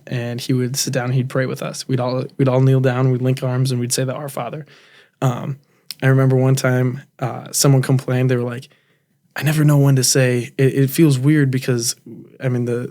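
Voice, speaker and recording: A young man, a college football player, talking as a guest in a relaxed interview with many fillers. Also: medium pitch. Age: young adult. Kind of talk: casual interview talk.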